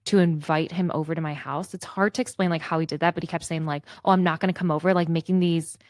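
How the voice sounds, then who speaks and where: Woman, 30s, podcast co-host, casual storyteller, fond of quoted asides, slightly low pitch, dry close mic. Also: fast, no echo. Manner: chatty, animated retelling with quoted asides. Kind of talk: casual chat.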